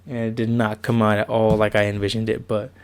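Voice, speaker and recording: A young male vlogger, filming on a camera mic in his bedroom at home, rambles casually through a tour of his walls in a loose, self-mocking room-tour vlog. His voice is on the low side, clean, level, and brisk.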